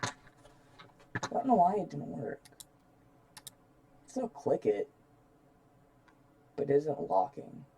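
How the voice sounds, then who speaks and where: A man's voice: on the high side, sing-song, takes it slowly, creaky, long pauses, mellow. A man co-hosting a casual chat, joking, teasing and laughing often. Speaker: co-host.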